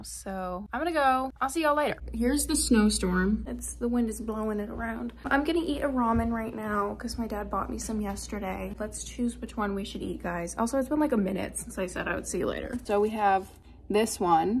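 A woman's voice: on the high side, brisk, creaky, slight background noise. Chatty teen girl with put-on Southern twang. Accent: put-on Southern US country. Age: teens. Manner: chatty, rambling, self-deprecating. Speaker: vlogger. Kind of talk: casual vlog while doing makeup.

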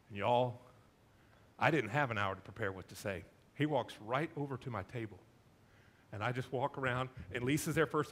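A middle-aged man preaching a sermon, telling a self-deprecating story in an animated, conversational way. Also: mid-range voice. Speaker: pastor.

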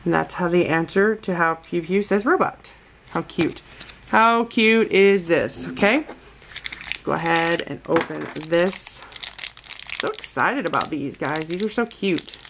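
A woman's voice: lowish voice, measured pace, fairly bright tone, a little hiss or hum. A woman vlogger from the United States chatting casually through a toy unboxing, gushing and calling her viewers guys.

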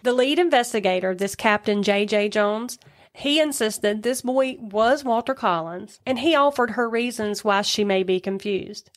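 A woman's voice: medium pitch, normal speed. A woman co-hosting a podcast, retelling a true-crime case in a chatty way with asides. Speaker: podcast co-host.

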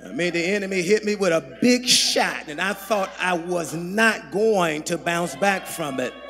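High-pitched man preaching in a big echoey church, shouts then murmurs. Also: lively intonation, measured pace, faint music behind. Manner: preaching with call-and-response, shouting and dropping to murmurs. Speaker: pastor. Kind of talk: sermon. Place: large church sanctuary. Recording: long hall reverb.

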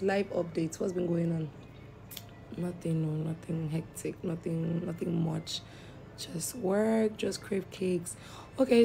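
A young woman chatting slowly and playfully on a late-night livestream, her voice tired and a little croaky. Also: lowish voice, mellow, a little hiss or hum. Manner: slow, drawling, playful. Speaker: livestreamer reading comments. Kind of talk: late-night live stream chat.

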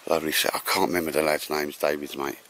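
Deep-voiced chatty man outdoors. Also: level tone, quick pace, fairly bright tone, a little hiss or hum. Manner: chatty, slangy, keeps saying ladies and gents. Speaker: vlogger. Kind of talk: casual camping vlog walkthrough. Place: outdoors at a campsite.

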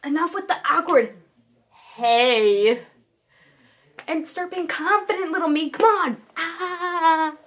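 A teenage girl chatting casually on her vlog, giggly, scattered and self-deprecating, jumping from one thing to the next. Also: high voice. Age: teens. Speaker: vlogger. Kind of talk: casual rambling vlog chat.

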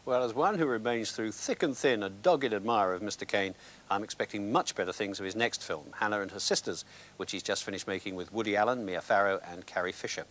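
Sardonic British film reviewer. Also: male voice, lowish voice, fairly quick, a bit bright, slight background noise. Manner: dry, sardonic wit. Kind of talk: scripted film review presenting.

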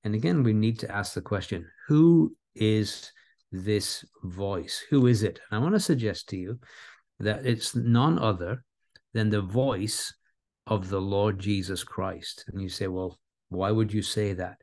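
Low-voiced man preaching a Bible sermon. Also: a little slow, darkish tone. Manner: earnest, repeats key words, varies his pace for emphasis.

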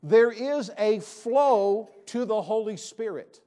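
A pastor preaches to his church in a high-pitched man's voice. He presses his points hard and repeats his key lines for emphasis. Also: animated, slow pace, dark tone. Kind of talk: sermon. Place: church sanctuary.

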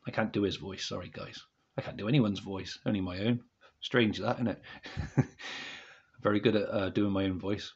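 A man's voice: on the low side, fairly even intonation, normal speed, husky, muffled recording. A man casually reviewing a wrestling DVD set to camera at home, rambling and often apologising to viewers. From United Kingdom.

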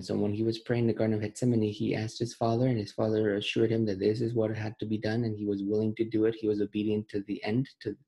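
Middle-aged male Sunday school teacher; earnest, deliberate verse reading, dark mellow timbre. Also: fairly low pitch, low-quality recording. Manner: earnest, repeats phrases, reads verses slowly. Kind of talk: children's Bible lesson.

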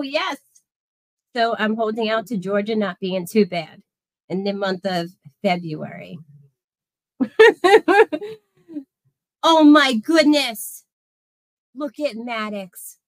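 A woman's voice: fairly high pitch, no room sound. A woman in her thirties hosting a casual livestream, effusively thanking viewers by name. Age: 30s. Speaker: livestream host.

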